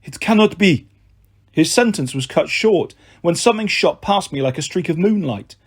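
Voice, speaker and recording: A man narrating a fantasy novel in an expressive storytelling voice. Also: a little high, normal speed, breathy edge. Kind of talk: audiobook narration.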